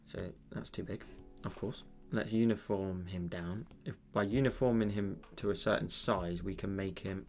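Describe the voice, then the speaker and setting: Casting note: man, low gravelly voice, rambling streamer thanking chat over soft music. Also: steady tone, moderate pace, hardly any pauses. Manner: rambling, thinks aloud, many fillers and restarts. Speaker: digital painting livestreamer. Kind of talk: casual livestream chat while painting.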